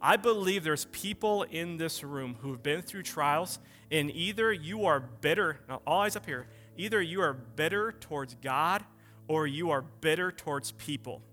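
A man's voice: on the high side, lively intonation, measured pace, pushed and bright, soft background music. A man in his thirties preaching a sermon as pastor, impassioned and full of rhetorical questions.

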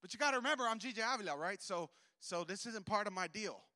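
High, bright-voiced man preaching with fervor. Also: fast talker. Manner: animated storytelling, swings between loud bursts and soft asides; acts out dialogue in quoted voices. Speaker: missionary preacher. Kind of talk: sermon testimony.

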